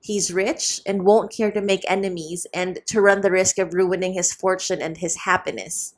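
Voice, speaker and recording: A woman's voice: lowish voice, fairly even intonation, normal speed, close to an everyday voice. A woman voicing an astute, contemptuous young male Dominican friar who speaks with disdain. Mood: explaining.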